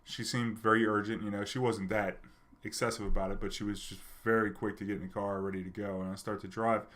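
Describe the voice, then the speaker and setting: A man's voice: on the low side, flat delivery, fast talker, fairly bright tone. A man telling a personal story to his viewers in a loose, chatty way, full of fillers and restarts. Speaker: streamer and storyteller. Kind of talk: casual storytelling.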